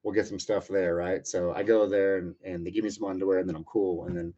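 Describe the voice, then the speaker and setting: Brief: man in his thirties, low-voiced, rapid, profane storyteller, rambling with fillers. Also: flat delivery, warm tone. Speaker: UFC lightweight fighter, interview guest. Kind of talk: casual storytelling interview. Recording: muffled lo-fi audio.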